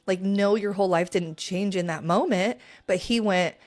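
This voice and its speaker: A woman's voice: medium pitch, normal speed. Woman podcast host and pastor, 30s, heartfelt and encouraging, casual faith chat. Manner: expressive, emotional, encouraging.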